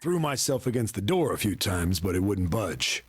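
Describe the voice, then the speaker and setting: A man's voice: lowish voice, big pitch swings, normal speed, a little hiss or hum. A man reading a visual novel aloud, voicing a dazed young man who wakes up locked in a cell, in a wry, muttering way. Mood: groggy. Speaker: reader of the game text. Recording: loud game music behind.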